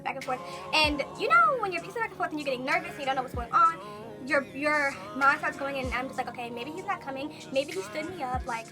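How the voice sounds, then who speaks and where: A young woman vlogger telling a personal story in a casual, animated way, full of fillers and quoted thoughts. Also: high voice. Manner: animated, talks fast with many fillers.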